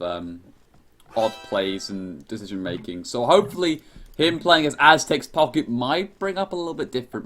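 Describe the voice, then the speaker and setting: A young man talks through a team strategy match in a loose, rambling way. He keeps correcting himself as he goes, and his voice rises and falls a lot in pitch. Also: a bit bright. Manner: rambling, chatty, self-correcting. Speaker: game commentator. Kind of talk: casual live game commentary.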